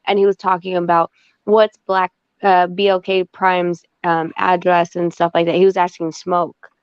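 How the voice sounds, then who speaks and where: A woman on a podcast telling a story in casual chat, animated and swearing, acting out the back-and-forth she had. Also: fairly low pitch, normal speed, clean tone, no echo. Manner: animated, swearing, acts out quoted exchanges. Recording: dull lo-fi dry sound.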